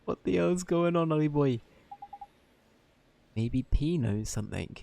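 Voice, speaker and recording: A man's voice: a little high, expressive, measured pace, a little mellow, a little hiss or hum, voice pushed up. A man voicing a cheeky little male fairy sidekick in a game, in a put-on Welsh accent with chummy, slangy talk. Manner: chummy, colloquial, rough-edged slang.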